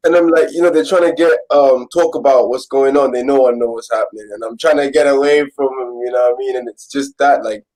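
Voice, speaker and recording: A man's voice: medium pitch, quick pace, hardly any pauses, a little mellow, rough recording. A man chatting loosely, full of slang and fillers. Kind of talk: casual chat.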